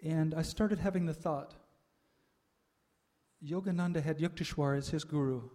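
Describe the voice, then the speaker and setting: Older male storyteller, mellow and slightly raised pitch, reflective, halting pauses. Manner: reflective, with frequent "uh" pauses and soft laughs. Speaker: speaker sharing a spiritual life story. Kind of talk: personal testimony talk.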